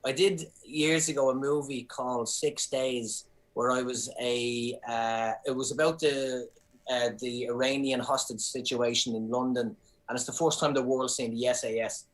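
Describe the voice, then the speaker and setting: An Irish man talks casually on a podcast, spinning anecdotes with lively energy. He often restarts his sentences as he goes. His voice sits in a middle pitch. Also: moderate pace, poor audio. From Ireland. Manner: animated storyteller, many restarts. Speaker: guest comedian and actor.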